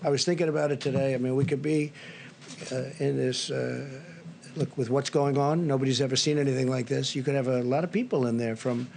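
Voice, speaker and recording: A man's voice: mid-range voice, steady tone, a little fast, gravelly, darkish tone, slight background noise. An older man giving remarks at a press briefing, rambling and repetitive, piling on superlatives. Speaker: briefing speaker at press podium.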